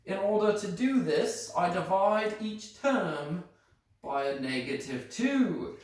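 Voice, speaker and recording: Man doing a mock British math teacher, slow and higher-pitched, phone at a distance in an echoey room. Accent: put-on British accent. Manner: steady step-by-step explaining, correcting own slips. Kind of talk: recorded remote lesson.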